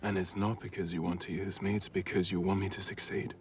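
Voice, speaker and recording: An actor playing a weary, earnest young male hero who speaks quietly and reflectively. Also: low voice, little pitch movement, fairly quick, slight background noise, close to an everyday voice. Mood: grateful.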